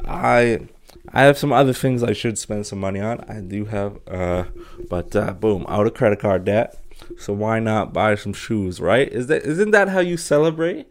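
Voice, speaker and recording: A young man hosting a solo podcast, chatting casually in a rambling, jokey way with many fillers and restarts. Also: lowish voice. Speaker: podcast host.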